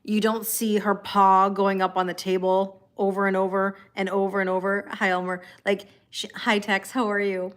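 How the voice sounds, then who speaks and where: A woman's voice: mid-range voice, level tone, normal speed, few pauses, a bit bright. A woman hosting a live tarot stream, chatting casually with viewers, joking and greeting them by name.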